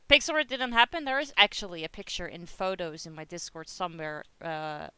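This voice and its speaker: A woman's voice: lowish voice, moderate pace, sharp tone, clean tone, no echo. A young woman with a Dutch accent, chatting casually with her live-stream viewers and laughing often. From Netherlands. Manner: chatty, giggly, reads chat aloud.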